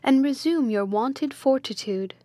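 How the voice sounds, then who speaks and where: A woman voicing a calm, devoted noble lady who speaks in a gentle, soothing way in an audiobook. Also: high-pitched, a little slow, dry recording, studio quality, pitched above the performer's own voice.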